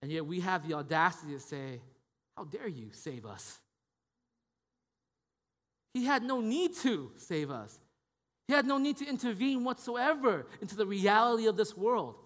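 High-voiced preacher in a reverberant hall. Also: male voice, very animated, normal speed, fairly bright tone. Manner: conversational preaching, frequent "right?" tag questions and restarts. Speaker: pastor. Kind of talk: sermon.

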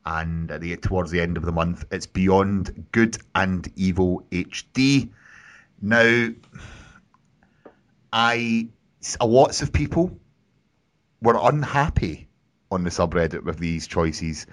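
A man's voice: sits low, slow, pauses often. A man co-hosting a casual gaming podcast, easily reading out the month's news. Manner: relaxed, reads out news items. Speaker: podcast co-host.

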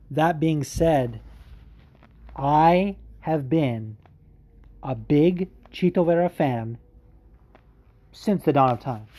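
Guy rambling excitedly, swears constantly, lots of um and like, restarts his sentences. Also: medium pitch. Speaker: podcaster talking about mixed martial arts fighters. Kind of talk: casual monologue.

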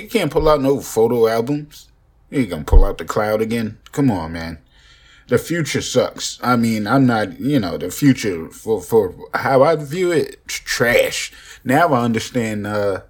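A man's voice: lowish voice, husky. A young man rambling profanely and joking in a casual podcast monologue, recorded on a phone. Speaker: podcast host.

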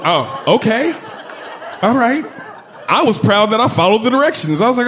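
A man tells a funny story from his own life, his voice sitting high and leaping up and down with every line. He talks in a loose, profane, self-mocking way. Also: lively intonation, normal speed, fairly bright tone, slight background noise. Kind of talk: comic personal storytelling.

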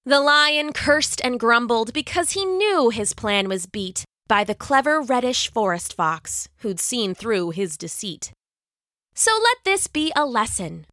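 A woman narrating a rhyming children's story in an expressive, sing-song way. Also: fairly high pitch, a little slow, no room sound, clean studio sound.

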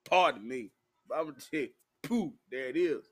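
A man's voice: a little high, expressive, brisk, husky. A man, rambling profanely through a live-stream monologue while intoxicated. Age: 40s. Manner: profane, rowdy, loose storytelling.

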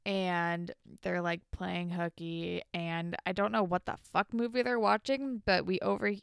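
Young woman gabbing on a recap podcast, gravelly but smooth, dry close sound. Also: on the low side, fairly even intonation, a little slow, dry recording. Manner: chatty, acts out characters' lines, swears casually. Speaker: podcast co-host. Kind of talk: casual recap chat. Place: New York.

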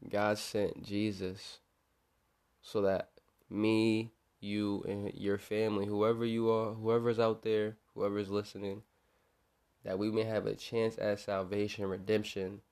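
A young podcaster with a fairly low, slightly mellow voice shares informal religious encouragement. Earnest in tone, he discusses faith and forgiveness and frequently repeats himself.

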